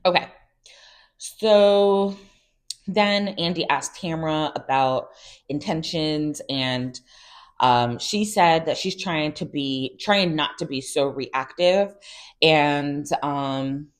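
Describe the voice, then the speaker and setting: A woman's voice: low voice, takes it slowly. A woman hosting a casual reality TV recap, chatty and sassy with exasperated asides.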